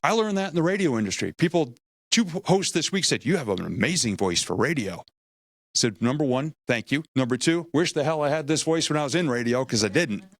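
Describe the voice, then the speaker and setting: A middle-aged man giving a humorous, energetic motivational talk, acting out quotes as he tells stories. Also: on the high side, brisk, no echo, clean studio sound. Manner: energetic, animated storytelling with acted-out quotes; humorous, self-deprecating. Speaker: motivational speaker.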